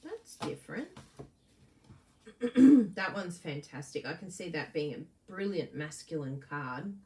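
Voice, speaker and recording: A woman's voice: deep voice, animated, slow pace, dark tone, distant mic, low-quality recording. A bubbly woman leads a live card-making demo, her voice swooping up and down as she gushes over each piece. She talks unhurriedly and chats with viewers between steps. She sits a little back from the mic.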